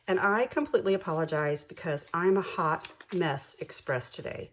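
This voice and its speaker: A woman hosting a budgeting vlog, slowly counting bills aloud in a soft ASMR style, bubbly and self-deprecating between counts. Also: on the low side, lively intonation. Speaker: budgeting channel host.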